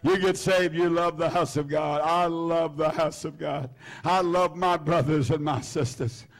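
A high-pitched older man preaches. He is fervent and repetitive, circling back to the same lines and filling gaps with "uh" and "hallelujah." It is a sermon delivered to a congregation. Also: fairly even intonation, unhurried. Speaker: pastor.

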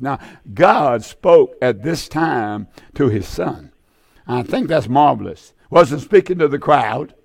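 Gravelly, halting radio preacher man. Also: medium pitch, lively intonation, a little mellow. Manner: halting, many fillers and restarts. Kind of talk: radio sermon with scripture reading.

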